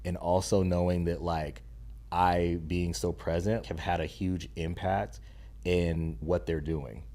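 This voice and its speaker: Deep, mellow-voiced man, earnest and emphatic. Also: little pitch movement, slow pace. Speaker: podcast guest, stay-at-home dad and content creator. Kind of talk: casual interview conversation.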